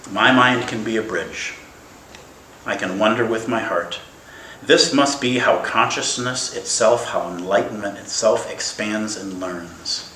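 A man's voice: fairly low pitch, a little slow, a little hiss or hum. Playful Zen teacher man, roomy. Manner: animated, playful, laughs often. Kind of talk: dharma talk. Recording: echoey room, mic at a distance.

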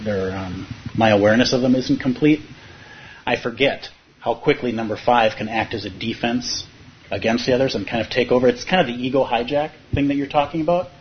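A man's voice: mid-range voice, a little hiss or hum. Male meditation teacher, reflective answers, medium voice, slightly muffled recording. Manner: thoughtful, searching, affirming. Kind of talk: dharma talk Q&A.

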